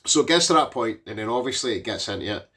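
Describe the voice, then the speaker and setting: A man's voice: mid-range voice, expressive, fast talker, a bit bright. A man in his forties giving a casual, rambling film recap, swearing freely and leaning on fillers. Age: 40s. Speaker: movie reviewer.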